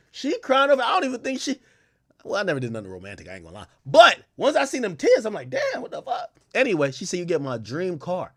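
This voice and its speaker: A young man streaming casually, reading messages aloud to his chat and reacting with loud outbursts. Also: high-pitched, wildly swooping pitch, fast talker. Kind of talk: casual live-stream commentary.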